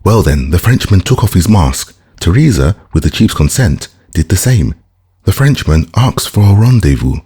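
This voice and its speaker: Low raspy guy doing an eager humble bandit messenger, audiobook, lively up and down. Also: moderate pace, exaggerated voice. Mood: earnest. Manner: earnest, deferential.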